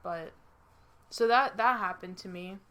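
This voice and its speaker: A young woman from Kansas co-hosting a podcast, telling stories in a dry, deadpan way. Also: mid-range voice, a little slow. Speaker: podcast co-host. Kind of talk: casual chat.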